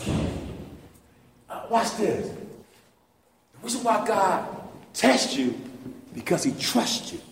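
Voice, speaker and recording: A male pastor in his fifties preaching a lively, folksy sermon, calling out to the congregation and building to shouts. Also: high voice, distant mic. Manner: animated, folksy preaching with rising shouts and call-outs to the congregation. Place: large church hall. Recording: echoey hall reverb.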